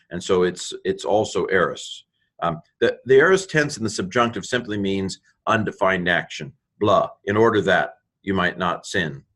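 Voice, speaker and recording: Man, lowish voice, recorded slide lecture, self-correcting, casual teaching tone. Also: fairly bright tone. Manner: thinking aloud, self-correcting, playful asides. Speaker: Greek teacher.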